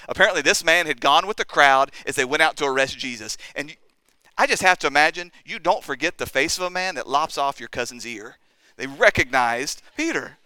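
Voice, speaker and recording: A man's voice: fairly high pitch, sharp tone, smooth, dry recording. A man preaching a sermon in an earnest way, acting out quoted lines and building to emphatic peaks. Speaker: pastor.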